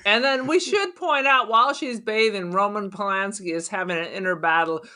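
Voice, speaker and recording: A woman's voice: mid-range voice, normal speed, sharp tone. A woman co-hosting a podcast, trading dry, sarcastic quips in casual chat about a film. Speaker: podcast co-host.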